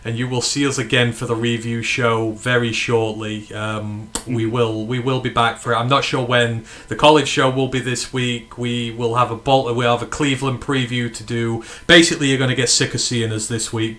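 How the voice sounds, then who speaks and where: A man from the UK hosting a live fan watch-along stream, talking in an excited, emphatic way and swearing freely. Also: mid-range voice. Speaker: fan podcast host.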